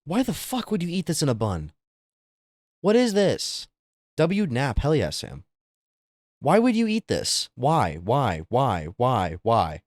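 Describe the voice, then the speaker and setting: A young man streaming live, chatting casually with viewers and reacting to things with loud, incredulous, profane outbursts. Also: medium pitch, very animated, takes it slowly, no room sound, clean studio sound. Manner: incredulous, swearing, exaggerated reactions.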